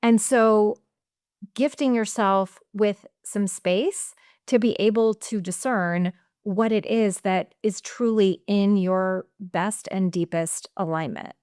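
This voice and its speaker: A woman's voice: medium pitch, steady tone, takes it slowly, darkish tone, clean tone, dry recording, studio quality. A woman executive coach on a podcast, chatting casually and often acting out her own inner voice with a tagged "right?". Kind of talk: casual interview chat.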